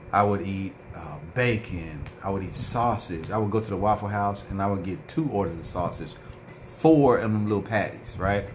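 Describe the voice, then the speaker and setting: Man, low voice, casual vlog chat, rambling with fillers, faint background hum. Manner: rambling storytelling with many fillers. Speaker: vlogger. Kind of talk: casual livestream chat reading viewer comments.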